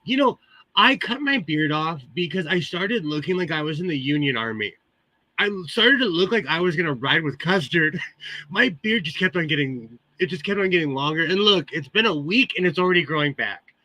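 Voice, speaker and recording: A man's voice: on the high side, animated, normal speed, pushed and bright, no echo. A Californian man hosting a live sewing stream, chatting casually with viewers and laughing often between remarks. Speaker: livestream host. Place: home sewing room.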